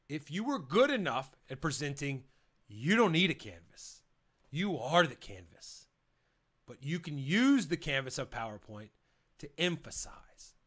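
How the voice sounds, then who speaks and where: A man's voice: fairly high pitch, sharp tone. A man coaching on presentations, talking in a punchy, emphatic way and hammering key points with repetition. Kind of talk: energetic instructional talk.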